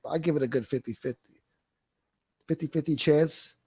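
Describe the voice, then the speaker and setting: A man whose voice is a little high, darkish, and breathy-edged talks at a normal speed with no echo. Hosting a livestream, he reads the chat aloud and riffs in a rambling, foul-mouthed, joking way, calling folks "boy."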